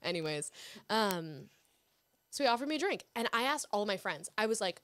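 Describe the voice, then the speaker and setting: A woman's voice: mid-range voice, big pitch swings, fairly bright tone, no room sound. A woman of twenty-one, a guest actress, chatting and teasing playfully on a podcast. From Houston, Texas. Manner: playful, teasing, quick to joke. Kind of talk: casual podcast chat. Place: host's apartment.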